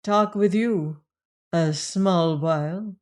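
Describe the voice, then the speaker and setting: A woman's voice: fairly low pitch, takes it slowly. A woman reader voicing a proud, heartbroken young woman in an audiobook. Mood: pleading. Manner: pleading, then fiercely proud. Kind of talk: audiobook character reading.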